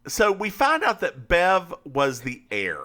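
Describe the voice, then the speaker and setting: A man's voice: high-pitched, wildly swooping pitch, slow, bright, forceful tone. A man co-hosting a podcast, recapping a TV episode in casual chat and laughing often. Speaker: podcast co-host.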